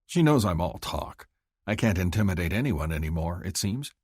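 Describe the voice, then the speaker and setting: A man narrating a first-person romance audiobook in a husky voice, shifting up to speak the heroine's lines. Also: normal speed, no room sound, studio quality. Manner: husky, lively delivery, lifting high for the heroine's lines.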